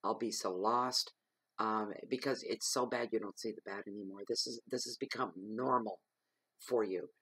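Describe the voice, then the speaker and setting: A man with a fairly low voice delivers a weekly tarot reading as an earnest monologue. He presses his points through repetition and emphatic advice, with a cough. The sound is dry and close, with no room around it. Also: steady tone, moderate pace, a bit bright, husky, dry recording. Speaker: tarot reader.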